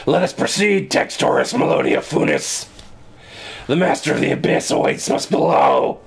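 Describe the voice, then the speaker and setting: A man's voice: fairly high pitch, wildly swooping pitch, moderate pace, gravelly, husky, full character voice. A man voicing a theatrical young male bird who speaks in cryptic, overblown pronouncements, with game music behind him. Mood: ominous. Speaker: game streamer voicing a character.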